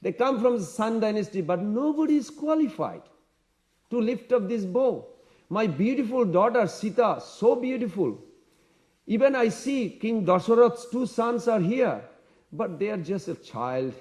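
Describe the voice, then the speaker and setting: A man voicing an anxious queen mother who slowly laments her daughter's fate in a raised, plaintive voice. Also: high voice, very animated, darkish tone, pitched above the performer's own voice. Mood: lamenting. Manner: slow, plaintive.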